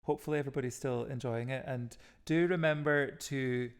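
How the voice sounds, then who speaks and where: A man's voice: mid-range voice, fairly even intonation, brisk, clear, resonant tone. A man co-hosting a podcast, talking in a playful, encouraging way and joking around. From Scotland. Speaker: podcast co-host. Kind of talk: casual podcast chat.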